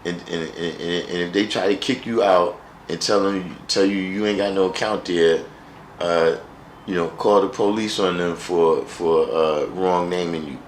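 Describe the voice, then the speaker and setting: A man's voice: sits low, steady tone, moderate pace, reverberant, a little hiss or hum, rough recording. A man hosting a live stream, chatting casually with viewers in a wry, joking way and often repeating himself.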